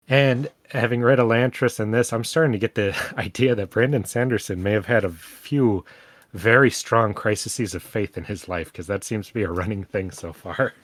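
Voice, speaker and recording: Male co-host, reflective and even-toned, lower voice, dry recording. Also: no echo. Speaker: podcast co-host. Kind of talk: casual book discussion and reading aloud.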